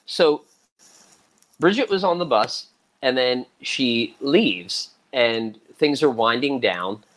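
A man in casual conversation, spinning anecdotes with a lot of lift and fall in his pitch. He gets animated and raises his voice when he acts out quotes. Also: poor audio. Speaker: guest musician. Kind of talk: casual storytelling.

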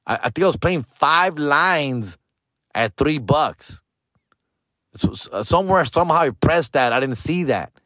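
A man hosting a podcast, telling a casual story full of slang with Spanish mixed in, and jumping up in pitch when he acts out his own panic. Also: unhurried, dry recording, clean studio sound. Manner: slangy, mixing Spanish into English, animated retelling with jumps to high voice. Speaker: podcast host.

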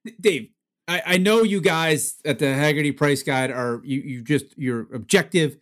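A man hosting a casual chat, curious and playful, quick to jump in with questions. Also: a little high, a bit bright. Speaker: podcast host.

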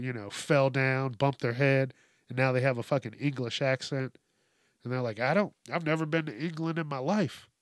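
A man delivers a profane comedic news rant in an unhurried, drawn-out way, laughing often as he mocks. His voice sits at a middling pitch and sounds close and dry, with no room echo. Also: a bit bright. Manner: mocking, laughs often, heavy swearing. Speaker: host.

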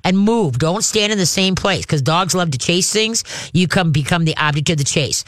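A man's voice: expressive, normal speed, no echo. Folksy man giving dog-training advice, dry studio sound. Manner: folksy and chatty, often checks in with "all right?"; slips into a high, bright coaxing voice to show dog-calling. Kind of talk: casual radio advice chat.

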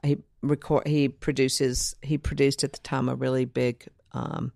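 A woman's voice: a bass voice, flat delivery, measured pace, creaky, a little mellow, no echo, clean studio sound. A woman guest, from Mississippi, telling a long story in an interview and acting out other people's lines. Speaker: guest, music producer and author.

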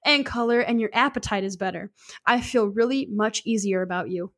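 A woman's voice: medium pitch, a little fast, fairly bright tone. A woman reading aloud voices a stern, condescending male doctor, a husband who soothes and talks down to his wife. His lines come in a middle register and carry a patient, reassuring lilt. It is a story read aloud, with only a light touch of character. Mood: patronizing.

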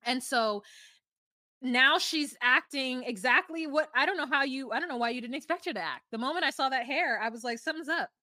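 A woman's voice: sits high, brisk, sharp tone, dry recording, clean studio sound. A woman co-hosting a casual recap podcast, blunt and profane, mocking the people she talks about and acting out rants. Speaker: podcast co-host.

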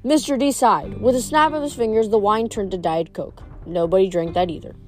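Woman reading a book out loud, steady, faint music under it. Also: medium pitch, fairly quick. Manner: steady, plain narration with small slips. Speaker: audiobook reader. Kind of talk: reading a novel aloud.

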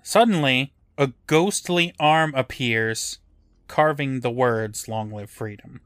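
A man's voice: mid-range voice, takes it slowly, fairly bright tone, clear, resonant tone, no echo. A man co-hosting a podcast, recapping an episode in a dry, matter-of-fact storytelling manner. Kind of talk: casual recap narration.

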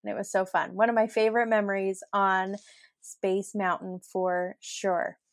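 A middle-aged woman hosts a solo podcast, telling stories in a chatty, giggly way and laughing through them. Her medium-pitched voice is flat in delivery and unhurried, captured with clean studio sound and no echo.

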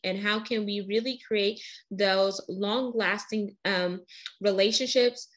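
A woman's voice: medium pitch, steady tone, measured pace. A woman hosting a podcast, speaking in an encouraging, motivational way in a conversational interview. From United States. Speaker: podcast host.

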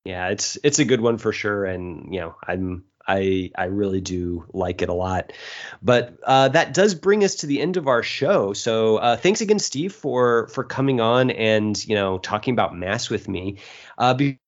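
A lower-voiced man hosts a casual podcast chat and speaks thoughtfully, often restarting his sentences. The audio sounds dull and lo-fi. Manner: thoughtful, halting, many restarts. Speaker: podcast host.

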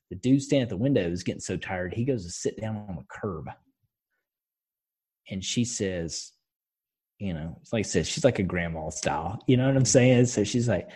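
A man's voice: sits low, expressive, normal speed, dark tone, breathy edge. A man co-hosting a podcast in casual chat, blunt and passionate, swearing freely as he tells stories. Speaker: podcast co-host.

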